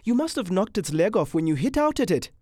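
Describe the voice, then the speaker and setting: A reader putting on a good-humored husband with a wry, teasing streak. His lines come louder and brighter than the narration, full of lively lifts, as in a storybook reading. The sound is dry and close. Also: fairly high pitch, normal speed, dry recording, voice pushed up.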